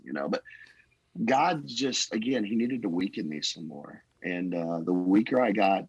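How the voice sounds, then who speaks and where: A man's voice: deep voice, lively intonation, moderate pace, husky, no room sound, lo-fi sound. A middle-aged pastor, telling his story in an earnest, rambling, folksy way. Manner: earnest, rambling, folksy testimony with 'man' fillers. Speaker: pastor, podcast guest. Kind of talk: casual conversational storytelling.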